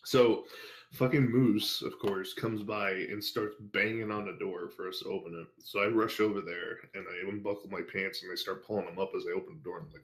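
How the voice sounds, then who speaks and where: A man's voice: on the low side, a little fast, a bit bright. A young man on a podcast, chatting casually and telling crude stories through bursts of laughter. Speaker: podcast co-host. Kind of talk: casual chat.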